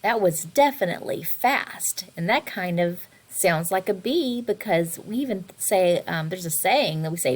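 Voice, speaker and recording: A woman teaching a recorded online music lesson to children, expressive, with slowed and whispered words for emphasis. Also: fairly low pitch.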